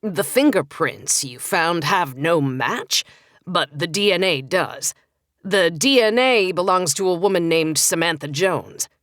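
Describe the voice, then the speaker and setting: A woman's voice: on the low side, expressive, a little slow, fairly bright tone, no room sound, clean studio sound. A woman voicing a man who works as a lab tech and speaks in a boring drawl. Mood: matter-of-fact.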